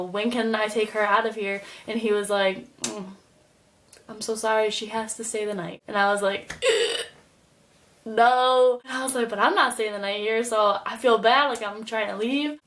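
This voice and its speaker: A woman's voice: a little high, a bit bright. A young woman telling a story in a casual vlog, chatty and full of "like" and "literally.". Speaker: vlogger.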